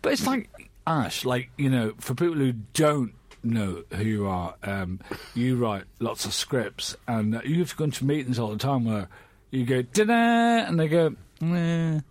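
A man's voice: mid-range voice, normal speed, dry recording. A middle-aged man hosting a podcast, chatting casually and teasing his guests bluntly. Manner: teasing, blunt, swears freely. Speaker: podcast host. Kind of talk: casual chat.

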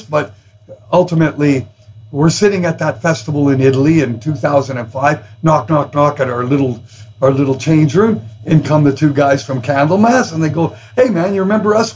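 On a poor-quality recording with slight background noise, a Canadian rock musician speaks at normal speed in a somewhat high voice. He's a guest on a podcast, animatedly telling stories, voicing other people's quotes and cursing liberally.

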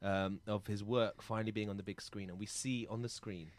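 A man's voice: on the low side, steady tone, a little fast. A man hosting a comedy podcast, chatty and self-mocking. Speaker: podcast host. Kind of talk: casual chat.

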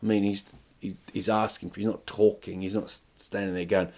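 A man's voice: lowish voice, fairly even intonation, moderate pace, darkish tone. A middle-aged man hosting a podcast, rambling through a crude comic monologue with stop-start phrasing and rhetorical questions. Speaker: podcast host.

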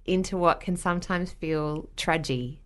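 A woman's voice: on the low side, a little slow, a bit bright, clean tone. A woman hosting a podcast, asking reflective questions in a casual interview. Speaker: podcast host.

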